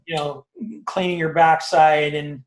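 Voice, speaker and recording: Speaking a little slowly with a level tone and fairly high pitch, a man in his fifties shares his own experiences as an interview guest. He's chatty and emphatic, leaning on fillers and tag questions, and his voice rings in an echoey space.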